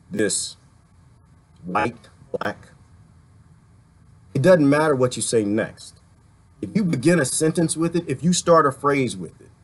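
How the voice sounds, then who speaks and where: A man's voice: medium pitch, husky. A man from the Washington, D.C. area, ranting sarcastically in a livestream while reading viewer comments, laughing often between points.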